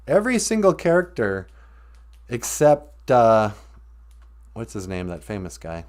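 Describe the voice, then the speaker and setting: A man's voice: mid-range voice, wildly swooping pitch, unhurried. A man from Minnesota, telling a loose, joking, rambling story on a live stream.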